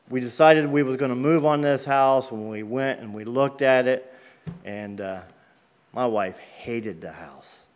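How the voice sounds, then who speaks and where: A man's voice: medium pitch, darkish tone. A man speaking as a guest in a church, telling a personal faith story in a plain, conversational way with casual grammar. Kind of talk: personal testimony in a church service. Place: church sanctuary.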